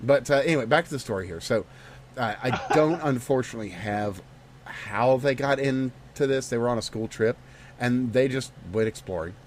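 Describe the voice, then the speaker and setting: A man hosting a casual podcast, telling stories in a lively, jokey way. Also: mid-range voice, moderate pace, slight background noise. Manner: lively, jokey, animated storytelling. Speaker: podcast host.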